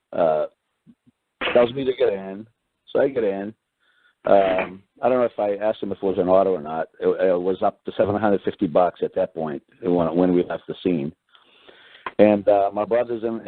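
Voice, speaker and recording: A man casually telling a story, acting out what others said in a higher voice and often adding "right?" and clearing his throat. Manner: animated retelling, acts out quoted voices higher, keeps adding "right?". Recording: dry tinny phone-line sound.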